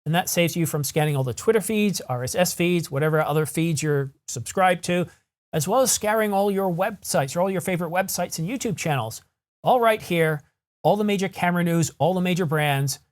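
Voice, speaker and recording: A man's voice: sits high, a little fast. Frustrated man ranting on a vlog. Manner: frustrated, rambling, self-correcting. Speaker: camera news YouTuber. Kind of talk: solo vlog rant.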